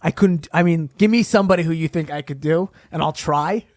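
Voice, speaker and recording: Podcast co-host, male, high and lively, joking, dry close studio mic. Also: brisk, no echo. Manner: animated, joking, self-deprecating. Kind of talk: casual chat.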